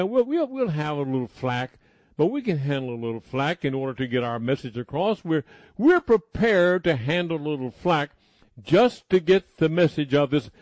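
A man preaching a sermon emphatically, slowing down to stress key words. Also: fairly high pitch, no room sound.

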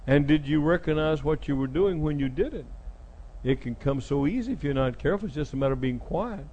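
A man's voice: fairly high pitch, animated, fairly quick, dull audio. A middle-aged man preaching a sermon, retelling scripture dramatically and voicing the people in it. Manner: dramatic retelling, acting out speakers with sudden loud jumps.

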